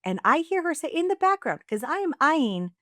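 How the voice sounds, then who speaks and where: A woman co-hosting a podcast, telling a story in a casual, animated way and acting out the quoted lines. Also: high voice, brisk, no room sound. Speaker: podcast co-host.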